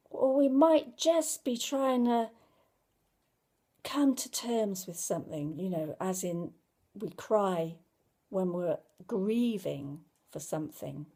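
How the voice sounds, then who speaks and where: A woman calmly explaining to parents why babies cry, in a gentle, reassuring, conversational way. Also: medium pitch. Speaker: parenting educator. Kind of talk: informal talk to camera.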